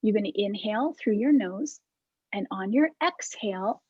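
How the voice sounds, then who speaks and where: A woman instructor calmly guiding a movement class over a video call, demonstrating breaths. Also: medium pitch, normal speed, dry recording, highs cut off. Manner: calm, soft-spoken cueing with breathy demonstrations.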